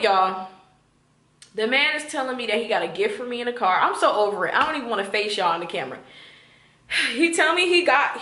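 A woman in her twenties telling a storytime story to her viewers, animated and talking straight to them. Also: fairly high pitch. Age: 20s. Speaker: vlogger. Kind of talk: storytime vlog. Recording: echoey room.

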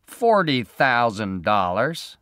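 A hard private detective, as a man plays him who drawls every word slowly and flatly. The voice is unfriendly and firm, raised a little above the reader's own, with a dry sound. This is storybook reading. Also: medium pitch, no echo, voice pushed up. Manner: flat, slow, unfriendly, deliberate.

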